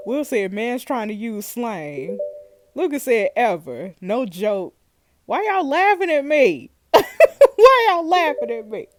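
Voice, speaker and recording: A woman's voice: mid-range voice, dry recording. A young woman hosting a let's play, reading messages aloud and reacting with laughter and slang. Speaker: gaming host.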